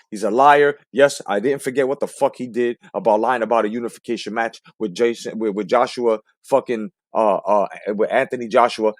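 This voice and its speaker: A man's voice: medium pitch, no echo, studio quality. A man hosting a late-night boxing talk show, ranting heatedly and profanely and firing off rhetorical questions. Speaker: host.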